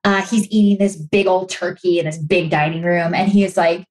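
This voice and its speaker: A young adult woman talking casually as a podcast guest, animated and chatty, full of restarts and "like"s, sometimes acting out quoted voices. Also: lowish voice, normal speed, few pauses. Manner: acts out quoted voices for emphasis. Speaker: podcast guest, sustainability creator. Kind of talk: casual interview chat.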